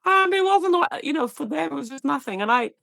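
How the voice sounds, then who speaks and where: A Brazilian woman, Portuguese her first language, recalls her work in a bright, forward voice. She talks freely in a casual interview, acting out quoted lines and laughing easily. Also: sits high, fairly quick, vocal fry. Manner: animated storyteller, acts out quoted voices, laughs often. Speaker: paramedic guest.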